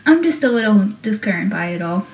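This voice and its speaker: A woman's voice: medium pitch, a little fast. A young woman reading the lines of a sarcastic teenage boy in her own casual voice. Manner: sarcastic, read flatly. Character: wisecracking teenage boy deputy. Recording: dull, roomy, from a distance.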